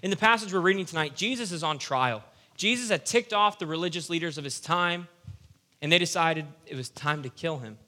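A young man delivers an animated, conversational sermon. His voice sits a touch high and sounds bright and forceful. He drops in playful asides as he teaches. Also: fairly quick. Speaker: youth pastor.

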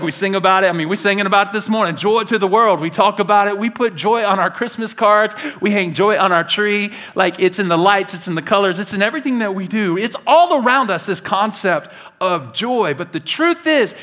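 A man preaching a sermon to his church, animated and conversational, laughing along with his stories and talking straight to the congregation. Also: high voice, normal speed. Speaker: pastor.

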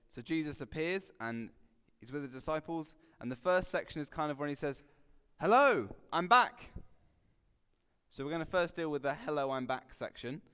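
A man's voice: medium pitch, clean tone. Man preaching in a reverberant hall. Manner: conversational, humorous, acts out quotes with sudden loud bursts. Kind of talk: relaxed sermon teaching.

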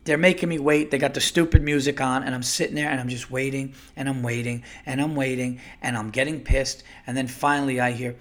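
A man hosting a podcast, telling a comic story as an animated, profane and exasperated rant. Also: mid-range voice, fairly quick, hardly any pauses. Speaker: podcast host.

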